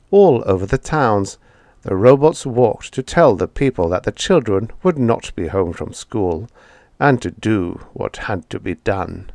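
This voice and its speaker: An audiobook narrator with a voice on the low side reads a vintage science fiction story aloud in scripted narration. His storytelling is measured and expressive, recorded at studio quality with no echo.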